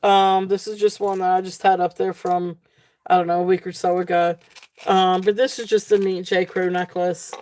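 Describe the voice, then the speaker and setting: A woman hosting a live jewelry sale stream, talking casually with many fillers and a relaxed, tired manner. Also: on the low side, moderate pace.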